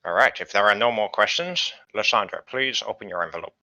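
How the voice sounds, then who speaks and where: A man running a tabletop game as game master, explaining things in a relaxed way with fillers. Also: on the low side, fairly quick, no echo, dull audio.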